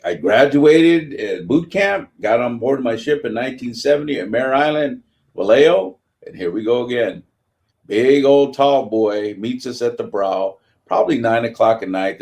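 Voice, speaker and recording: Older man, lower voice, animated storyteller, interview guest. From California. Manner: animated storyteller, acts out quotes. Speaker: guest, veteran.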